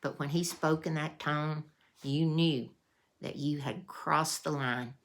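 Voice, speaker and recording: A woman's voice: low voice, steady tone, takes it slowly. A woman, telling a story in a folksy, meandering way as a vlogger. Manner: folksy, meandering with restarts and fillers. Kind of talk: casual storytelling.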